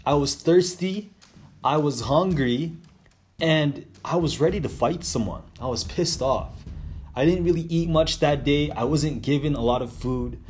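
A man's voice: on the high side, a little mellow. Rambling man giving a motivational story. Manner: rambling and repetitive, with emphatic bursts. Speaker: motivational speaker.

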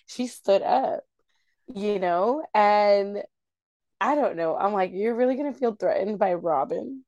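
A woman co-hosting a casual podcast, animated, swearing and acting out quotes. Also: medium pitch, a little slow, no room sound, clean studio sound. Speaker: podcast co-host. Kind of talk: casual recap chat.

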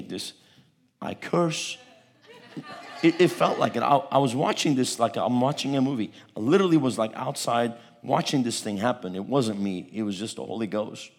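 A man's voice: fairly low pitch, breathy edge. A man preaching a testimony sermon, telling a story with repeated words and a voice that swells at its peaks.

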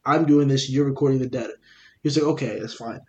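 A young man, a podcast co-host, telling a story in casual chat, animated and profane, acting out what everyone said. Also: mid-range voice, dull audio. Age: young adult. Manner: animated, profane, rapid retelling with quoted dialogue.

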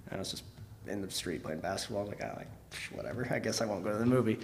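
A man's voice: lowish voice, animated, quick pace, vocal fry, a little hiss or hum. A young man co-hosting a podcast, telling a long story in a casual, rambling way, full of fillers and laughs. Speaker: podcast co-host.

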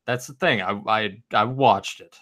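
A man's voice: on the low side, measured pace, pushed and bright. A man co-hosting a casual podcast chat, stammering through restarts, blunt and joking. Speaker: podcast co-host.

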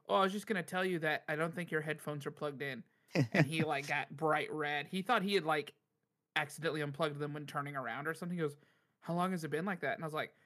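Guy on a coffee podcast, kinda high voice, laughs a lot while telling stories. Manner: animated storyteller, laughs often. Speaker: podcast co-host, cafe worker. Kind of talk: casual chat.

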